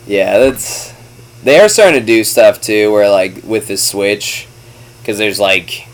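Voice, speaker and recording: A man's voice: on the low side, takes it slowly, long pauses. A man hosting a casual chat about video games, laid-back and rambling, swearing often. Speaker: podcast host. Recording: faint background noise.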